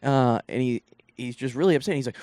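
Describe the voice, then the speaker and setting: A man's voice: mid-range voice, a little fast, darkish tone, no echo, studio quality. A young man from Northeast Ohio, a comedian, telling rambling stories on his solo podcast with lots of swearing and asides. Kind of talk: casual solo podcast storytelling.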